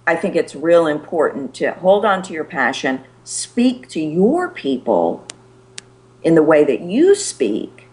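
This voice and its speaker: A middle-aged woman, a presentation skills coach, giving animated and emphatic advice as a guest on a show. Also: sits low, takes it slowly. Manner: animated, emphatic, demonstrates pace with her voice.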